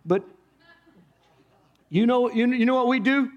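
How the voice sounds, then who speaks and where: Male pastor, fairly high voice, animated conversational sermon, keeps questioning the congregation. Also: a little slow, dull audio. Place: church, speaking to a congregation.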